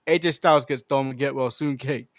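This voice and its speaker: A man's voice: medium pitch, fairly even intonation, moderate pace, no echo, studio quality. A man from the United States co-hosting a podcast, recapping a wrestling show in a laid-back way. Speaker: podcast co-host.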